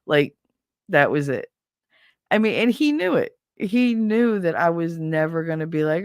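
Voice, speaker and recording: A woman with a gravelly, creaky voice chats through a story in a blunt, profane way. She slips into quick impressions of the people involved. Her voice sounds dry and close, with no room echo. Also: sits low, expressive. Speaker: podcast host. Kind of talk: casual storytelling chat.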